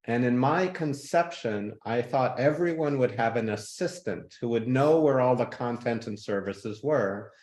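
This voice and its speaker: A man guest in a podcast interview, telling relaxed stories and now and then mimicking people. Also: mid-range voice, a little slow, few pauses, reverberant. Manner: relaxed, laughs easily, mimics people in anecdotes. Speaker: guest, tech innovator. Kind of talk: conversational interview storytelling.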